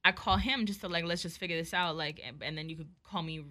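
Fast-talking bright young woman. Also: on the low side. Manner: animated, profane storytelling with quoted dialogue. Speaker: storyteller. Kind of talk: casual chat.

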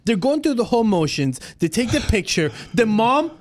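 A man co-hosting a morning radio show in casual banter, excitable and laughing often as he acts out quotes. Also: very high voice, normal speed. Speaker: radio co-host.

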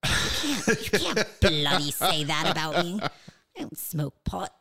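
A woman's voice: low-pitched, very animated, takes it slowly, a bit bright, voice pushed up, heavily acted. A woman putting on a comic British accent to play an indignant male reporter friend. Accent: put-on British.

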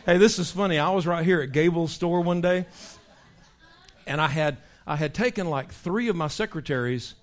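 Male pastor, lively folksy sermon delivery, voice sits a bit high. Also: moderate pace. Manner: animated, imitates animal calls and voices.

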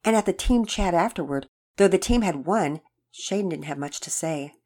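A woman with a lowish voice reading a children's storybook aloud. She narrates in a soft, even manner. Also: normal speed.

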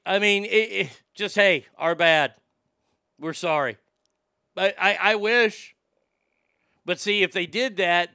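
A man's voice: a little high, creaky, pushed and bright, smooth, dry recording, studio quality. A man hosting a talk show, chatting casually in a blunt, sarcastic and profane way. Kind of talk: casual opinionated chat.

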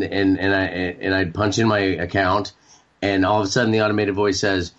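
A man in his forties from Maine, a radio show guest talking candidly, halting and repeating words with many fillers. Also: lowish voice, a bit bright, lo-fi sound. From Maine, United States. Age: 40s. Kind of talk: candid interview talk.

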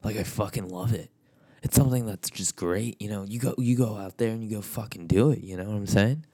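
A man with a low, gravelly voice delivers a blunt motivational rant. He swears in nearly every sentence and circles back over the same points. His tone is dark and mellow rather than bright. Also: fairly quick. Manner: blunt, swears constantly, repetitive.

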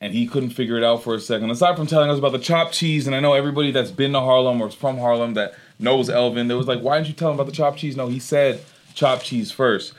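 Young male podcast host, mid-pitched voice, relaxed slangy storyteller. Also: fast talker. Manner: laid-back storytelling with slang and swearing. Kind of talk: casual chat. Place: screened sunroom outdoors.

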